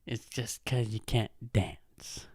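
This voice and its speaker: A man's voice: lowish voice, lively intonation, slow pace, a little mellow, husky, no room sound. A man hosting a podcast, riffing in a mocking, profane way and laughing at his own jokes. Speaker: podcast host. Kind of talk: casual comedic monologue. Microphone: podcast microphone.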